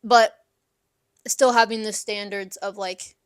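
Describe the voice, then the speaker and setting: A young woman hosting an advice show, chatting candidly with lots of fillers and lively asides. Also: mid-range voice, a little slow, no echo, studio quality. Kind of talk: casual advice chat.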